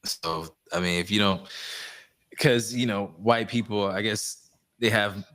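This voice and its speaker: A man in a casual discussion, explaining things in a relaxed way with many "you know" fillers. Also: on the low side, a little slow.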